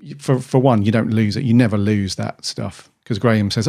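A man's voice: lowish voice, steady tone, normal speed, vocal fry, warm tone. A man co-hosting a podcast, chatting casually in a rambling way with many restarts. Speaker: podcast co-host. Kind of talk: casual chat.

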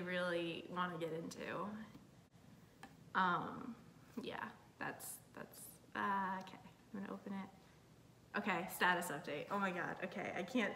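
Bright-voiced young woman vlogging. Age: young adult. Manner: nervous, filler-heavy chatter. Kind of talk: casual vlog reading college decisions. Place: home room. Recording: echoey room with faint rumble.

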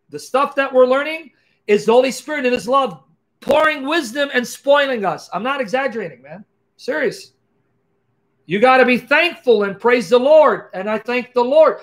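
An emphatic man with a very high-pitched voice teaches scripture to his viewers. He fires off rhetorical questions and punches his points home with sharp exclamations. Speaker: Christian apologist. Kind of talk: animated teaching monologue.

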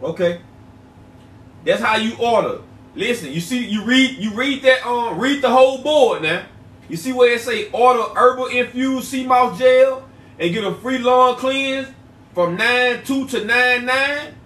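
A man talks loosely with viewers on a livestream. His voice sits high, and he circles back to the same phrases again and again. The sound is roomy and slightly distant from the mic. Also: fairly bright tone. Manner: loose, repetitive, chatty, drawn-out phrases. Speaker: livestream host selling herbal products. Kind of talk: casual livestream chat with viewers. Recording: echoey room, voice a bit far from mic.

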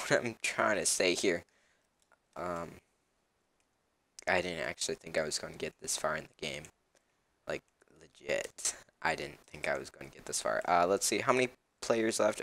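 Low, gravelly young male gamer. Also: fairly bright tone, dry recording. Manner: rambling, lots of ums and uhs. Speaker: gaming channel host. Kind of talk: casual gameplay commentary.

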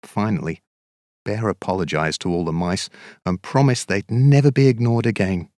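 A man narrating a children's storybook in an expressive, measured, sing-song way. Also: lowish voice, no room sound, studio quality.

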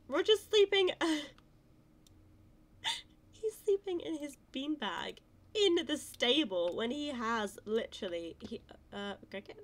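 A woman giving casual let's-play commentary, excitable and gushing, cooing over cute animals. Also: mid-range voice. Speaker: gaming channel host.

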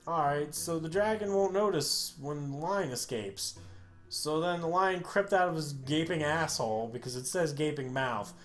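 A man's voice: a little high, moderate pace, fairly bright tone, soft background music. Profane joking male game streamer. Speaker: gaming streamer. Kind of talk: casual let's-play commentary.

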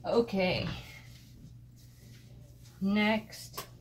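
A woman at her home craft desk chatting casually and excitedly as she shows off mail she received, picked up by a camera on the desk. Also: medium pitch, extremely slow, a little hiss or hum. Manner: gushing, excitable, rambling. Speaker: crafting vlogger.

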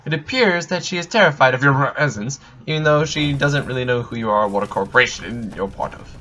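A man's voice: mid-range voice, expressive, fast, pushed and bright. A man voicing a little robot sidekick with a clunky, glitchy put-on British accent and a stiff, formal manner. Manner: mechanical, stilted, formal.

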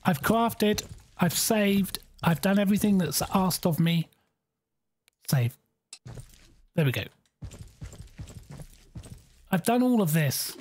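Animated gamer thinking aloud. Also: mid-range voice, slow pace, long pauses, a little hiss or hum. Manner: bemused, exclaiming, thinks aloud. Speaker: game streamer. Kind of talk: live gameplay commentary.

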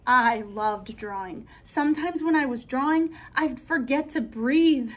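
A woman reading a children's picture book aloud as a storyteller. Her voice is high and her pace unhurried, and she gives each phrase careful, expressive emphasis.

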